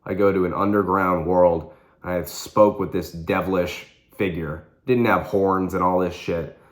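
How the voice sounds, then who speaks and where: A man's voice: low-pitched, fairly even intonation, a little slow. A young man vlogging, telling a personal story with earnest intensity and repeating phrases for emphasis.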